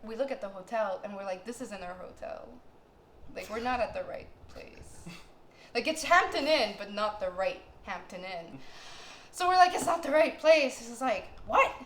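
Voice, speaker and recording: A woman's voice: a little high, moderate pace. Young woman podcast co-host, chatty and laughing, echoey room recording. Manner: animated, laughing storyteller full of "like". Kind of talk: casual storytelling chat. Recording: echoey room, faint noise.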